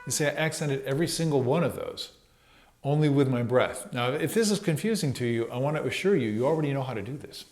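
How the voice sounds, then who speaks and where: A man's voice: medium pitch, expressive, fast talker, darkish tone, faint music behind. A man giving a casual trumpet lesson, thinking aloud with fillers and sometimes singing syllables to show phrasing. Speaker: trumpet teacher.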